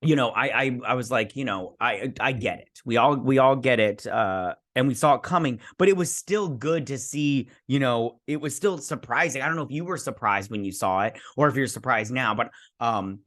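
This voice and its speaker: A man in his thirties giving a casual, spoiler-filled review of a TV episode. He talks in an excitable, rambling way, full of "like" and quick restarts. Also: mid-range voice. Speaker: TV show reviewer.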